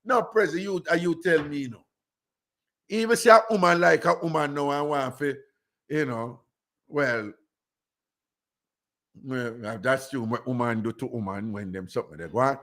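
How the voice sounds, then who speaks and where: A man's voice: medium pitch, moderate pace, pauses often, fairly bright tone. A man with a Jamaican accent, hosting radio and telling a story in casual, rambling patois with many "you know"s. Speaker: radio host.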